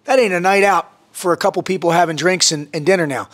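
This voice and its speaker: A man as a podcast guest in casual chat, telling stories in an intense, profane, animated way. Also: high voice, fast talker.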